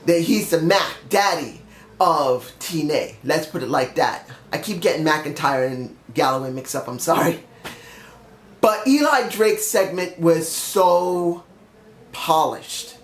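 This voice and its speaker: A man's voice: high-pitched, a bit bright, roomy sound. Blunt ranting young man, slightly sick. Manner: ranting, blunt, mild swearing. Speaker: wrestling show reviewer. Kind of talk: opinionated solo review.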